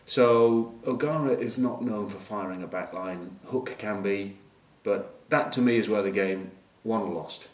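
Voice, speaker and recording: Man, rugby pundit, low-ish voice, wry asides, distant camcorder in a roomy space. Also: unhurried, hardly any pauses. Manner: wry, joking asides, many fillers. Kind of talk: casual match preview. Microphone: camcorder mic at a distance.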